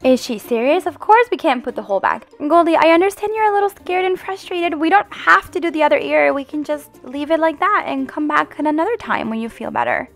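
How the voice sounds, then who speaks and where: A woman hosting a family game roleplay as the mom, gentle and motherly in a singsong way. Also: high voice, animated, brisk, few pauses. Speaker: channel host roleplaying the mom.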